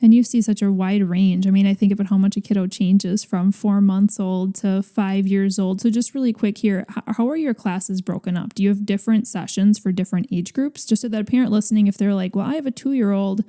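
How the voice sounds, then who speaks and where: Encouraging woman host with a dark voice. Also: medium pitch, fairly even intonation, a little fast, hardly any pauses. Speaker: podcast host. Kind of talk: interview questions.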